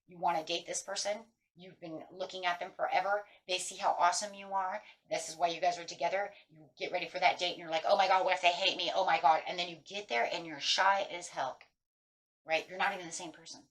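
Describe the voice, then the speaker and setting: A woman's voice: on the low side, fairly bright tone. A middle-aged woman giving a chatty, casual tarot reading, breaking into anxious inner voices. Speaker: tarot reader.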